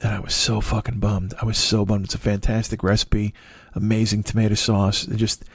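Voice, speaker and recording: Low-voiced profane man rambling solo. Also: little pitch movement, fairly quick, gravelly, slightly rough, dry recording. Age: 40s. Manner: profane, self-deprecating, meandering. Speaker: comedian podcast host. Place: dark apartment.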